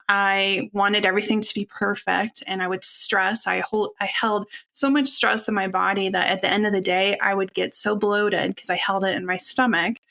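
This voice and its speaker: A woman in her forties speaking openly and earnestly as a podcast guest, telling a personal story in a relaxed, conversational way. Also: medium pitch. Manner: open, earnest, conversational with fillers. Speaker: podcast guest, functional nutritionist.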